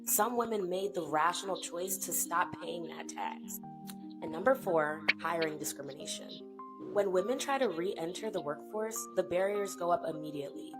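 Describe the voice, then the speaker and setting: A woman giving scripted narration in a measured, list-style delivery. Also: lowish voice. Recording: clear music bed underneath.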